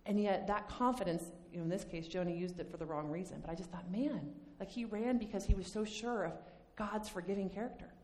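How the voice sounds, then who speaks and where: A woman's voice: mid-range voice, a little fast, few pauses. Woman teaching Bible study in reverberant hall. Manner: conversational, animated, acts out quoted lines.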